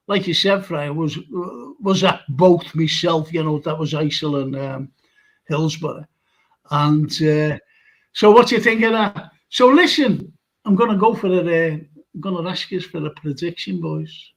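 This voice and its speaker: A man's voice: a little high, expressive, unhurried, poor audio. A man, hosting a podcast and telling a rambling anecdote, often laughing as he talks. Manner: rambling storyteller, laughs while talking. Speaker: podcast host.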